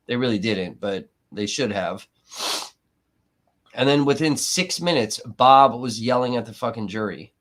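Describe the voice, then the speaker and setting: A man's voice: medium pitch, measured pace, a bit bright. A man hosting a live stream, talking casually in a profane, sarcastic, rambling way, sniffly from allergies.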